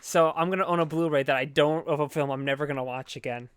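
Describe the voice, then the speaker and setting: Smooth-voiced sarcastic podcast guy. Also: a little high, steady tone, fast talker, a bit bright, dry recording. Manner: sarcastic, rambling, swears often. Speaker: podcast co-host. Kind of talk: casual movie review chat.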